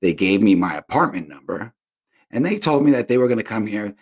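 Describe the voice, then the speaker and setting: A man's voice: lowish voice, sing-song, brisk, breathy edge. A man from South Florida hosting a casual solo podcast from home, rambling through a profane monologue with many restarts and tangents. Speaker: podcast host.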